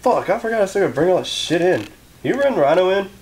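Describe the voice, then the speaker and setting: A man's voice: high voice, big pitch swings, fast, darkish tone, a little hiss or hum. Joking, foul-mouthed man. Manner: profane, joking, rambling. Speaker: garage vlog host. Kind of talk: casual chat while working on a clutch. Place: home garage.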